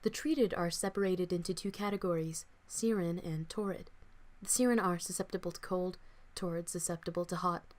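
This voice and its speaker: A woman's voice: fairly low pitch, moderate pace, few pauses. Young woman narrating her own story. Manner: expressive, dramatic first-person reading. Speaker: author reading her own fiction. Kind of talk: audiobook-style narration.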